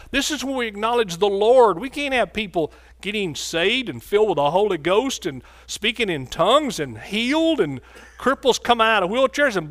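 A man's voice: very high voice, a bit bright, voice pushed up, heavily acted. A man mocking a pompous, scolding synagogue ruler. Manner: self-righteous, scolding.

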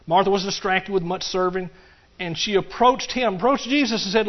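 Folksy preacher, a bit muffled. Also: male voice, high-pitched, normal speed. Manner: folksy, animated preaching with laughs and asides to the congregation. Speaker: pastor. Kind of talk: sermon.

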